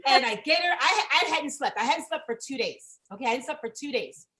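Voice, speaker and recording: A high-voiced young woman telling a stand-up story over a video call. She is brash and profane and jumps into the voices of the people in her tale. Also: lively intonation, fairly quick, noisy background. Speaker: stand-up comedian.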